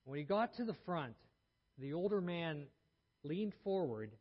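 A man's voice: on the high side, expressive, measured pace. A man preaching a sermon, telling a story earnestly and often restarting his words. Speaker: pastor. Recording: muffled sound in a reverberant hall.

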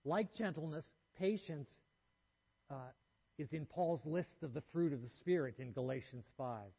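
A man preaches a sermon with a slightly husky, somewhat raised voice. He talks in a measured, earnest way, and his phrases fall away softly at the ends. The recording sounds a little dull and lo-fi. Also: on the high side, lively intonation. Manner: measured, earnest preaching with trailing soft phrase endings and small restarts.

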